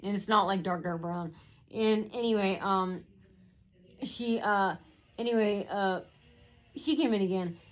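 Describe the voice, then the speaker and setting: A woman's voice: mid-range voice, unhurried, long pauses, rough recording. Rambling woman telling a story. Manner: hesitant, many fillers and restarts.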